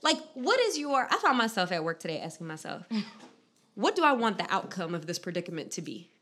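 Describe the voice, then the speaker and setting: A woman co-hosting a casual podcast, giving blunt, profane advice in animated stories. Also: medium pitch, brisk. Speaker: podcast co-host.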